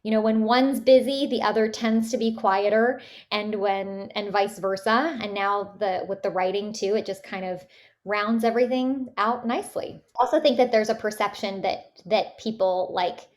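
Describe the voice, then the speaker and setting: A woman's voice: mid-range voice, moderate pace. A woman from Canada, a voice actress, chatting casually in an interview with many fillers and restarts. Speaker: voice actress guest.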